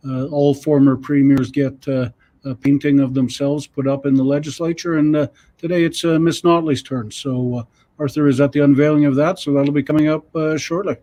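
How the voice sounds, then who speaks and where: Canadian male news editor, fairly high voice, halting casual update with many uhs. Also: little pitch movement, mellow.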